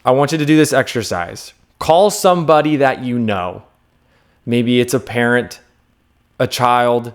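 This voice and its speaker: Speaking straight to camera, a medium-pitched man in his thirties offers unscripted self-help advice. He's earnest and emphatic, repeating key words and checking in with the viewer.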